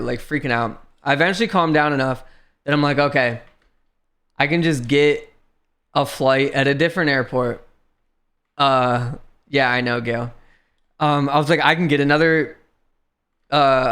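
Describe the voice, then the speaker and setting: A man's voice: mid-range voice, smooth. A young man telling a frustrating story on a livestream, swearing often and laughing as he goes. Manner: swearing, animated retelling with laughs. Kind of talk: casual storytelling chat.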